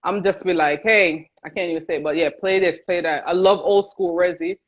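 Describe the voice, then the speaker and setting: A woman's voice: fairly low pitch, steady tone, fairly quick. A woman from Jamaica with a Jamaican accent, chatting casually and laughing while she cooks on a livestream, greeting viewers by name. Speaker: cooking livestream host. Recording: dull lo-fi livestream audio.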